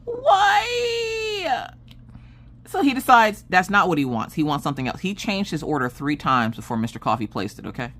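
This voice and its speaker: A woman's voice: fast, few pauses. A Southern American woman in her thirties chatting casually, acting out family members' lines in an exasperated storytelling manner. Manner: animated, acts out family members' lines with big pitch jumps and exasperated whispers. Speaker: craft vlogger.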